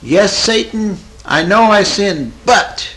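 A distraught woman, wracked by guilt, pleads in a high, strained and tearful voice, as a man acts her out. She pushes her voice loud and thin, far above the teller's own. It sounds like a quoted plea inside a spoken story. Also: lively intonation, takes it slowly. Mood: screaming faith.

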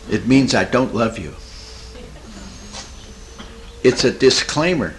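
A man's voice: mid-range voice, takes it slowly, long pauses, slight background noise, poor audio. Folksy man telling a counseling story. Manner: folksy, earnest, animated retelling. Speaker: Christian therapist. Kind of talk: storytelling talk.

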